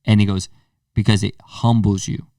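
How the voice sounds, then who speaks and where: Man in his thirties, low voice, casual podcast host, animated storytelling, dry room, a bit off mic. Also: moderate pace, dry recording, recorded from a distance. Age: 30s. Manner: animated storyteller, acts out quotes.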